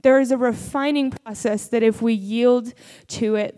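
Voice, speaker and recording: High-voiced woman preaching a fervent sermon. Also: steady tone, normal speed, warm tone. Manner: earnest testimony, rising to fervent prayer.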